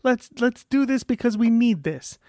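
A man's voice: extremely high pitch, lively intonation, moderate pace, darkish tone, no room sound, clean studio sound, voice pushed up. A man voicing a cheery, encouraging inner voice that cheers himself on like a coach. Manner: peppy, cheerleading.

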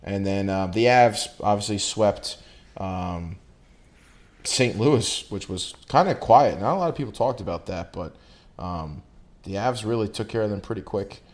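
Laid-back lower-voiced man chatting hockey. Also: a little slow. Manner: relaxed, rambling, with fillers. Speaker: podcast co-host. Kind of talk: casual sports chat.

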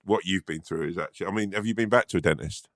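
A man's voice: low voice, no room sound, clean studio sound. A man co-hosting a casual podcast, bantering and swearing, often incredulous. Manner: fast, incredulous, swears a lot. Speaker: podcast co-host.

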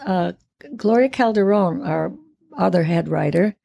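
An actress in her eighties chats as a guest in a casual interview, speaking theatrically and laughing often. Her lowish voice is gravelly and dark in tone, and she speaks a little slowly.

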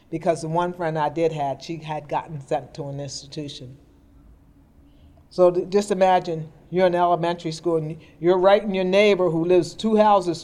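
A woman's voice: sits low, warm tone. Middle-aged woman guest, plainspoken and earnest storyteller. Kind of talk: personal storytelling in conversation. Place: indoor interview. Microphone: podcast mic.

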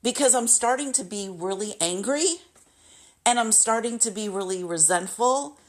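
A woman vents to the camera in an indignant personal rant. Her voice sits at an ordinary middle pitch, and she speaks in frustrated bursts, now and then acting out sharp retorts. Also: normal speed. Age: adult, married. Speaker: vlogger venting about a masseuse.

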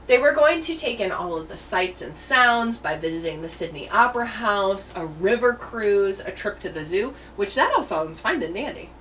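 An American woman hosts a true crime podcast, telling the case in a chatty way that drifts off on tangents. Her pitch rises and falls a lot. She sits a little away from the mic, with a faint hiss underneath. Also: expressive, normal speed, few pauses, fairly bright tone, recorded from a distance, rough recording. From United States. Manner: chatty, tangent-prone storytelling. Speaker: podcast host.

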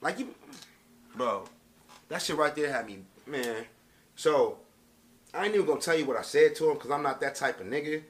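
A man's voice: a little high, animated, normal speed, long pauses. A man telling a story to camera as a casual rant, with streetwise slang and emphatic delivery. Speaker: vlogger.

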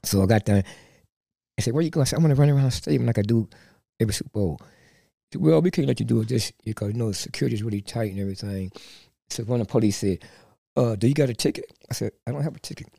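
A man guest, a street preacher, telling animated stories and acting out the people he quotes, often repeating words. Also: fairly low pitch, very fast, creaky, breathy edge, no room sound, studio quality. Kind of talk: animated storytelling.

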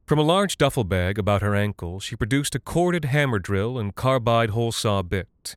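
A man narrating a dark literary story in a measured, deadpan way. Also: on the low side, smooth, no echo, clean studio sound.

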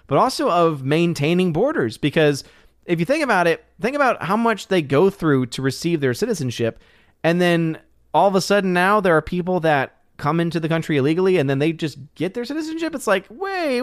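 A man's voice: on the high side, animated, brisk, no echo, clean studio sound. A man hosting his channel, chatting casually and reading viewer comments on a live stream, loose and full of fillers and restarts. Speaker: channel host.

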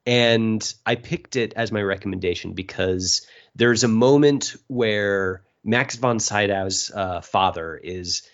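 A lower-voiced man hosts a casual podcast chat and speaks thoughtfully, often restarting his sentences. The audio sounds dull and lo-fi. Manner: thoughtful, halting, many restarts. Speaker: podcast host.

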